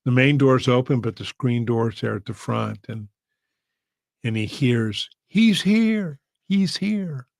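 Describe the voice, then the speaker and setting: A man's voice: medium pitch, fairly even intonation, measured pace, creaky, dry recording. A man, a pastor, telling an emotional story in an earnest, heartfelt way. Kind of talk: storytelling sermon.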